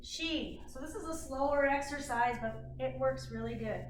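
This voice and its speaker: A woman's voice: high voice, moderate pace. A middle-aged woman leading a kids' exercise class, encouraging and counting reps aloud. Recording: roomy, distant, faint noise.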